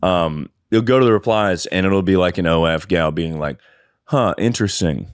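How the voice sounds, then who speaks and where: A man's voice: deep voice, normal speed, smooth, dry recording, clean studio sound. A man co-hosting a comedy podcast, talking in a rambling, profane way and going off on tangents. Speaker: podcast co-host. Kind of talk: casual comedy podcast chat.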